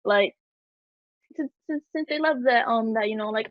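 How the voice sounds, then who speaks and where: A woman's voice: fairly high pitch, measured pace, no room sound, muffled recording. Emphatic young woman hosting a heated chat. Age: young adult. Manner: emphatic, repeats herself, many fillers. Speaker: host. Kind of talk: heated casual discussion.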